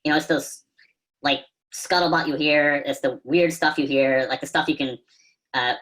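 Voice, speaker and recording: A copy chief appears as a guest instructor over a video call, giving casual teaching talk that is conversational and full of stories, with fillers and an occasional swear word. His voice is a little high, fairly even in intonation and fairly bright, at a moderate pace, and the recording is rough.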